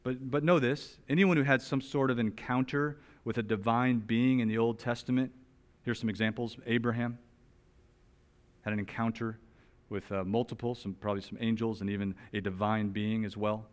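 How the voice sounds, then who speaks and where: A man preaching an expository sermon. He talks in an animated, emphatic way, rises loudly on some points, and drops to a soft, slow voice on others. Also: medium pitch. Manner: animated, emphatic, with wide swings in loudness. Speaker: pastor.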